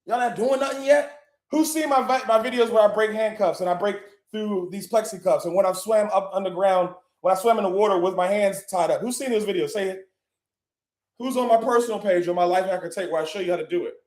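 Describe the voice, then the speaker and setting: A man's voice: sits high, a little fast, reverberant. A man hosting a live online session, talking bluntly and boastfully, swearing often. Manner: profane, boastful, blunt, with bursts of laughing and shouting. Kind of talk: brash motivational talk.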